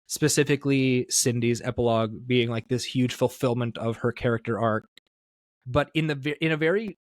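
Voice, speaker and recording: Male podcast host, mid-pitched, filler-heavy and rambling, dry close sound. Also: dry recording. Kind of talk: casual podcast interview.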